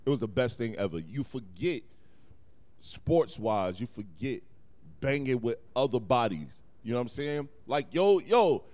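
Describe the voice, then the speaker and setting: A mid-range, measured-paced man co-hosts a podcast, animatedly telling stories in a casual chat. He uses profane slang and laughs a lot.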